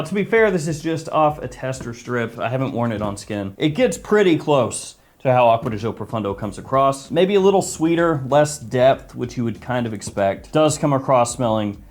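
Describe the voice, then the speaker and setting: A man's voice: mid-range voice, sing-song, normal speed, few pauses. A man giving a casual, jokey fragrance review as host, chatty and self-mocking.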